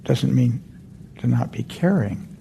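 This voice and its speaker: Gravelly, gentle meditation teacher, a man. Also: medium pitch, animated, unhurried, a little hiss or hum. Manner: gentle, meandering, self-correcting. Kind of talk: dharma talk with a story. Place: meditation center hall.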